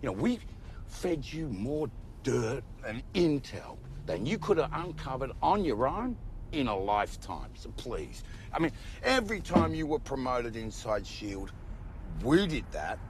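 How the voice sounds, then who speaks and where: A man's voice: medium pitch, big pitch swings, unhurried, background noise. An actor playing a shapeshifting alien spy, a sarcastic man who builds into a long aggrieved rant with stumbling restarts. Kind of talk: TV series dialogue.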